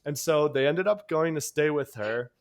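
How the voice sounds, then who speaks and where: A man's voice: a little high, normal speed. A man from New York with a New York accent, co-hosting a casual podcast chat and telling a long story in a rambling way, with casual swearing and frequent laughs. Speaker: podcast co-host.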